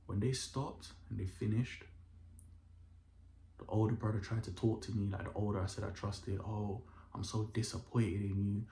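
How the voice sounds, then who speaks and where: A young man tells a story in lively street slang and acts out each quote. His voice sits low. The room around him is echoey. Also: slight background noise. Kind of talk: casual storytelling to camera.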